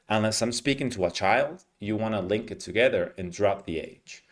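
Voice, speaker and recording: A man teaching English pronunciation, explaining patiently and modeling words slowly with clear stress. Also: lowish voice. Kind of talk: teaching lesson, explaining reading aloud.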